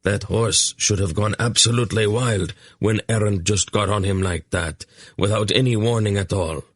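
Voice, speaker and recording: A male audiobook narrator voicing a stern, cautious warrior and horse trainer with a gruff, warning manner. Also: fairly low pitch, moderate pace, no room sound, clean studio sound. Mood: baffled.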